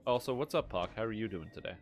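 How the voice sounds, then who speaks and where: Streaming a game, a man with a lowish voice chats casually, jokes around, and answers his chat in a rambling way. His intonation is lively and his pace quick, with faint music playing behind him.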